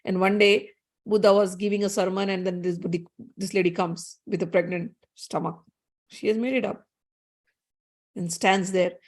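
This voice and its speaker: A woman giving a spiritual talk. She retells a story in a lively way, with many restarts and asides. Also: mid-range voice, normal speed. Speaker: spiritual teacher. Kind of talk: storytelling scripture discourse.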